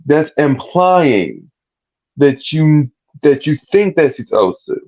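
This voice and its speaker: Steady man co-host, muffled lo-fi. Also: on the high side, a little slow. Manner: steady, builds his argument point by point. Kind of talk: casual reality-show recap chat. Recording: muffled lo-fi sound.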